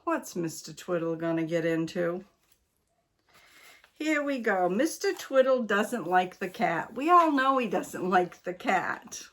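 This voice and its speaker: Older woman from Maine, unhurried storyteller, casual asides. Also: on the low side, big pitch swings, a bit bright. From Maine, USA. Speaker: channel host, storyteller.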